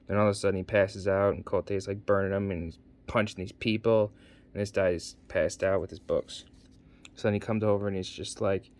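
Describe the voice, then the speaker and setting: A young man casually retelling a story in a rambling, slangy way, quickly doing little character voices. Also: low voice, steady tone. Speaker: book summarizer.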